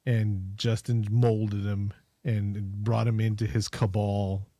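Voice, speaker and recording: A man co-hosting a podcast, casually recapping a movie plot with jokes and quick acted-out lines. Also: on the low side, little pitch movement, dark tone, dry recording, studio quality. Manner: jokey, acts out scenes in quick voices. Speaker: podcast co-host.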